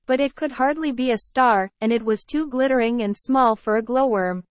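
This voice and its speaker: A woman teacher reading a story aloud to children, pausing to explain words. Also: on the high side, no echo. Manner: clear, explaining, addresses children. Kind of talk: read-aloud lesson with word explanations.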